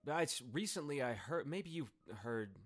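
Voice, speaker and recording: Deadpan, joking young man guest. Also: fairly high pitch, moderate pace, soft background music. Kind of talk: casual podcast chat.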